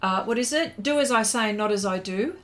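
A woman's voice: mid-range voice, expressive, fairly quick, a bit bright. Australian woman, middle-aged, casual art livestream chat, chatty and emotional, lots of ums and restarts. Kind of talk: casual chat while painting, reading out chat comments.

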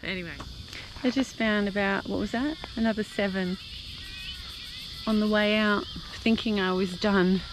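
A woman hosts her own spiritual vlog, talking to camera while driving around hills outdoors; she's chatty and self-amused, sometimes tearful and emotional. Her medium-pitched voice is steady at a moderate pace with long pauses, over a noisy background.

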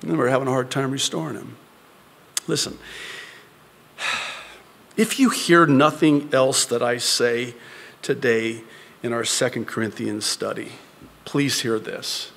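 A male pastor preaching in a church, his voice ringing out with a long hall reverb. He talks slowly and deliberately at a middle pitch, then climbs into loud, high exhortation and drops back down to soft whispers. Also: fairly even intonation, vocal fry, a little hiss or hum. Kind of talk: sermon. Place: church before a live congregation.

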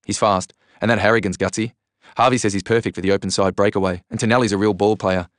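A man's voice: on the low side, steady tone, fast, no room sound, studio quality, lightly acted. A man voicing an eager, hopeful middle-aged father in an audiobook. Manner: eager, upbeat, pressing on.

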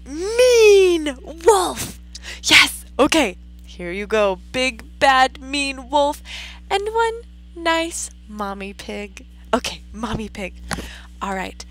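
Slow, animated woman teacher reading aloud. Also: on the high side, rough recording. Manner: animated, slow and expressive, asks the class questions. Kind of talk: reading a story aloud to a class.

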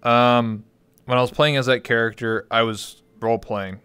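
A man from Canada speaks in a relaxed interview, his voice smooth and clear. He tells a long story candidly, rambling and circling back with frequent fillers. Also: mid-range voice, moderate pace, no room sound. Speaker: interview guest. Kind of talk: casual conversation.

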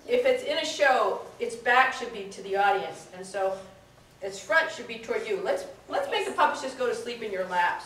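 A woman's voice: a little high, a bit bright. A woman puppeteer guiding children through a puppet activity, talking playfully and often laughing. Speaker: puppeteer leading a children's workshop. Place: indoor puppet exhibit room. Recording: echoey room, far from mic, background noise.

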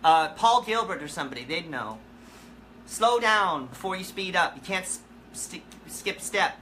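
Woman, comic host in character, deadpan and rambling, bright edge to a lowish voice. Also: a little hiss or hum. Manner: absurd deadpan storytelling, halting restarts. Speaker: comedic musician persona hosting a live Q&A. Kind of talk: rambling comic livestream chat.

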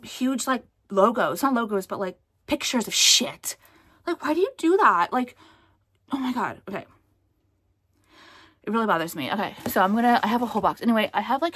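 A young American woman vlogs casually, rambling with plenty of fillers and swearing, and breaking into bursts of outrage. Her voice sits in the mid range with a breathy edge.

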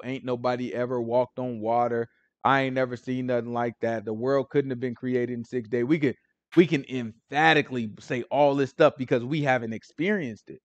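A man teaching a Bible study in loose, slangy conversational talk, animated and often checking in with his listeners. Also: mid-range voice, no echo, dull audio. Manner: animated, slangy, keeps asking listeners "right?".

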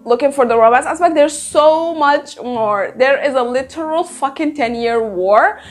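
A young woman reviewing books to camera in a casual, gushing, excitable way, swearing freely. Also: high-pitched, normal speed, faint music behind. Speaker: book reviewer.

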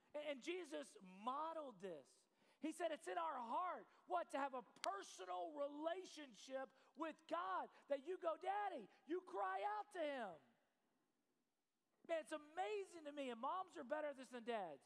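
A man preaching a sermon as pastor, asking the congregation questions and building to shouts. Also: very high voice, animated, moderate pace, gravelly, long reverb tail. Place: church sanctuary.

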